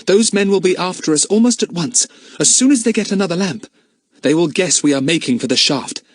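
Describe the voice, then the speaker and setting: A man's voice: sits high, lively intonation, a little fast, no echo, studio quality, voice pushed up. A man voicing a brave, anxious boy who urges his friends on in a breathless, urgent way.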